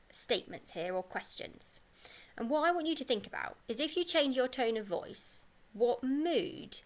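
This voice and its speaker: An upbeat woman teacher addressing a class of young children in a pre-recorded lesson. Her voice sits at a middling pitch, and she explains things clearly and warmly encouraging each step. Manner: bright, encouraging, speaks clearly to young pupils. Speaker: primary school teacher.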